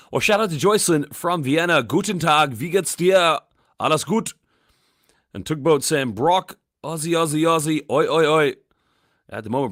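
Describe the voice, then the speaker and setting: A man doing live play-by-play commentary on a basketball game, calling the action briskly and reading out viewer chat messages between plays. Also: medium pitch, fairly bright tone, dry recording, studio quality.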